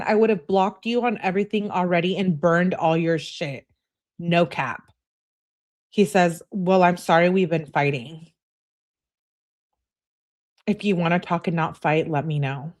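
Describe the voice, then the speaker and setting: A woman's voice: on the low side, steady tone, a little slow, pauses often, a little mellow. Blunt, sarcastic woman reading texts aloud. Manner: blunt, sarcastic, swears freely. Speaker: true crime commentator. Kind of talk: reading and reacting to text messages on a livestream.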